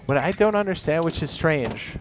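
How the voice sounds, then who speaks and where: A man's voice: on the high side, expressive, normal speed, background noise. A tired man chatting casually while streaming a game, rambling and swearing, laughing at his own jokes.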